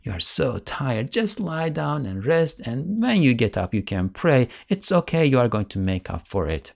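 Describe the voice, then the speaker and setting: A man voicing the tempting lower soul, coaxing and persuasive, in a gravelly voice. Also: big pitch swings, moderate pace. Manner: wheedling, persuasive.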